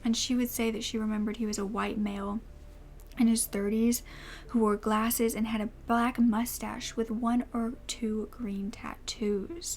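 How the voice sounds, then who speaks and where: A woman telling a true crime story in a soft voice that often drops to a whisper. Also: fairly high pitch, a little hiss or hum.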